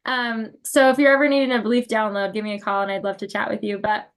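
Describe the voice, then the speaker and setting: A woman's voice: mid-range voice, level tone, quick pace. Upbeat woman leading a video call. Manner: upbeat, emotional pep talk with many fillers. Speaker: sales unit leader. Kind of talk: video call team meeting.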